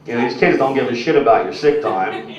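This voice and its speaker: A man's voice: mid-range voice, a little fast. A young man doing crude, rambling stand-up, packed with "like" and "you know". He is heard from far back in an echoey club, and the recording is muffled, with faint noise under it. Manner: crude, rambling, filler-heavy delivery. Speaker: stand-up comedian. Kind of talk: stand-up set with crowd work. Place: comedy club stage.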